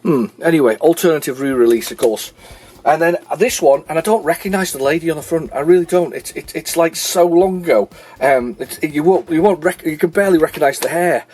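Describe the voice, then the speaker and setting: Middle-aged host, rambling and chatty, husky and a touch high. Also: male voice, a little fast, a little mellow. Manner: rambling, many restarts and self-corrections. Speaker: retro gaming video host. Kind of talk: casual chat showing a collection.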